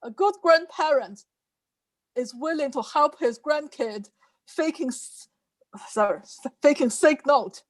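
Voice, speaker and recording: A woman tells deadpan one-liner jokes at a slow, unhurried pace. Her voice is high, and the recording sounds dry and close with no room echo. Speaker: stand-up comedian.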